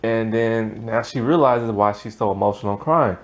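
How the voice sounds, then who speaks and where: A man's voice: lowish voice, moderate pace. A man giving a casual, rambling recap of a TV episode, peppered with "like" and laughing at the plot. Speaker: TV show reviewer.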